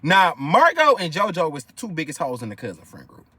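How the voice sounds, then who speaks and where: In a casual storytime video, a young man spills a family story with lively, foul-mouthed gossip, talking fairly quickly. His high voice, bright and sharp with a breathy edge, swings widely in pitch. The sound is dry and close-miked, with no echo.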